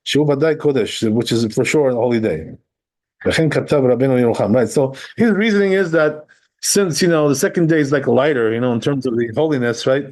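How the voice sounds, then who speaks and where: A man teaching a religious text class in a casual, talky way. His voice is mellow and dark, never sharp. He reads a line of text, then explains it, and keeps asking "right?" along the way. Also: medium pitch, brisk. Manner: explains step by step, often checking with "right?"; reads Hebrew and Aramaic text, then translates. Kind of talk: conversational Torah class.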